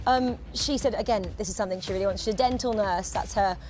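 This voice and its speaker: A woman presenting on a live esports broadcast, sharing player stories in a chatty, animated way. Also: medium pitch, fast. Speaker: pitside reporter.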